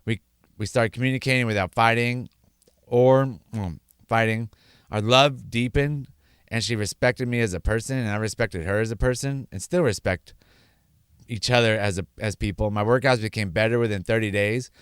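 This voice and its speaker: A man's voice: on the low side, moderate pace, clear, resonant tone, no room sound, clean studio sound. A middle-aged man telling his own sobriety story in an earnest, rambling way, often restarting sentences and acting out quotes. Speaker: podcast host sharing his sobriety story. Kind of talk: candid personal monologue.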